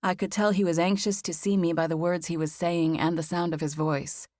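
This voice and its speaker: A woman narrating a romance novel in the first person, in an even, intimate storytelling manner. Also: lowish voice, fairly quick, no echo, studio quality. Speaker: audiobook narrator.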